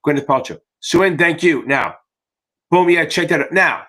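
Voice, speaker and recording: A man's voice: fairly high pitch, normal speed, bright, forceful tone. A middle-aged man, an exam tutor, hosting a casual live Q&A in a rambling, profane, joking way. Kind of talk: casual livestream chat.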